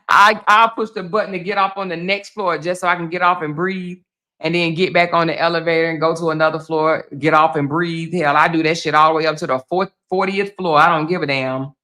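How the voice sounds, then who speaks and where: A woman hosting a live stream, chatting casually and reading comments, loud, blunt and profane, laughing often. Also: low-pitched.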